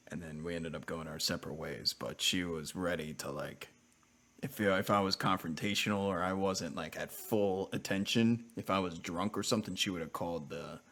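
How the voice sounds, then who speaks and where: A low-voiced man chatting casually on a live stream. He tells a story in loose, rambling bursts, cutting himself off and restarting. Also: normal speed. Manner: rambling, animated anecdote with self-interruptions.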